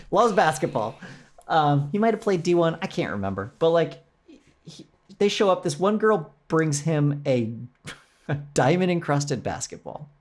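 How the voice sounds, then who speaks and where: A podcast co-host with a slightly high, slightly slow voice casually retells a show, full of jokes. He laughs often as he recounts it, animated and joking in this easygoing storytelling chat.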